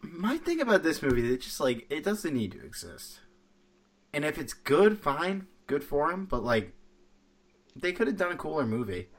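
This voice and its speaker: A man's voice: on the high side, huge pitch swings, normal speed. A man co-hosting a podcast, chatting in a laid-back, matter-of-fact way. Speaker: podcast co-host. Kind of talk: casual chat.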